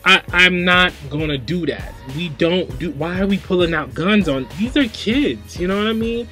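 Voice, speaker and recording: A man's voice: high-pitched, animated, normal speed, bright, forceful tone. A young man vents on his own vlog in a slightly raised voice. He is agitated and scattered, restarting phrases and circling back to the same points. Faint music plays underneath. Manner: agitated, rambling, repeats himself. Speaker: vlogger host. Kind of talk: casual rant to camera.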